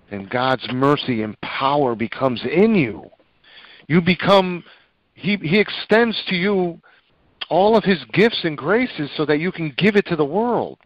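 A man's voice: on the high side, expressive, unhurried, no echo. Emotional man preaching on a lo-fi line. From Italian heritage. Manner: emotional, preaching, many fillers. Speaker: co-host. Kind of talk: religious talk show. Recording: dull lo-fi dry sound.

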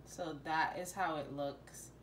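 A woman's voice: low voice, steady tone, slow pace, fairly bright tone, reverberant, recorded from a distance, slight background noise. A young woman vlogging in a casual, chatty and dramatic way, talking straight to her viewers. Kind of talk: casual vlog chat.

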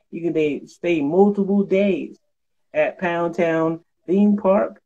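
A man's voice: high voice, steady tone, measured pace. A man bragging and rambling through comic banter on a live stream. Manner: boastful, rambling, slips into off-key singing.

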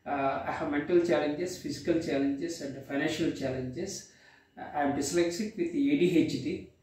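A man giving a motivational talk to camera, halting, with many pauses and filler sounds and repeated words as he restarts. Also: on the high side, steady tone, a little mellow, a little hiss or hum. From India. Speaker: vlogger. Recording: very echoey room, distant from the mic.

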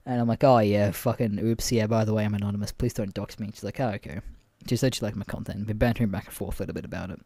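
A man's voice: on the low side, steady tone, quick pace, few pauses, dark tone, no room sound. A young man hosting a podcast, casually retelling dating stories with lots of swearing and laughter. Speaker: podcast host. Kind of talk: casual storytelling chat.

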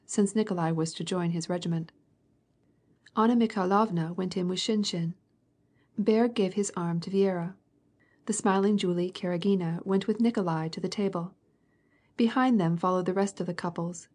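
Woman, audiobook narrator, measured reading, classic novel, steady delivery. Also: mid-range voice.

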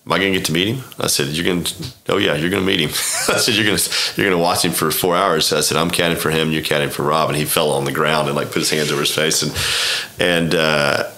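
A middle-aged man from Oklahoma with a very low, bright and forceful voice rambles through an animated golf story, full of restarts and voiced-out dialogue. He sounds a little roomy, as if recorded in an echoey space. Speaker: golf club professional, guest. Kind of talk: casual storytelling interview. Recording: echoey room.

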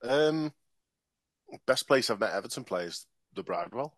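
A man co-hosting a football podcast, telling a story in a relaxed, dry way with lots of ums. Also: mid-range voice, unhurried, no room sound. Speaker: podcast co-host. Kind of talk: casual storytelling.

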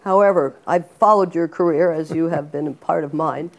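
An older woman hosting an interview, asking questions in a relaxed, conversational way. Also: low voice, normal speed, creaky. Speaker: interview host, photographer. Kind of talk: casual interview.

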